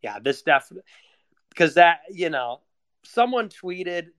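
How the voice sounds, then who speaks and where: A man's voice: sits high, big pitch swings, measured pace, a bit bright, no room sound, studio quality. A young man in a casual confessional monologue, rambling and self-deprecating, with frequent swearing. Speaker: vlogger.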